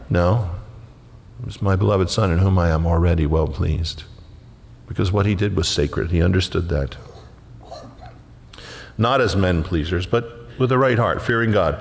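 A man preaching a sermon as a pastor, folksy and conversational, rising into loud emphatic passages. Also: sits low, measured pace, creaky, pauses often. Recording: long hall reverb.

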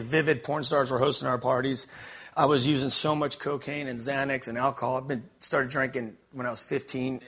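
A man's voice: medium pitch, fairly bright tone. A man from Los Angeles, giving a rambling, candid personal testimony to an audience. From Los Angeles, USA. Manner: rambling and candid, many fillers and restarts.

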